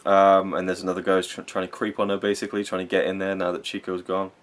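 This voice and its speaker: A man's voice: low-pitched, completely flat delivery, quick pace. A young man giving a rambling, enthusiastic spoken film review, full of fillers and self-corrections.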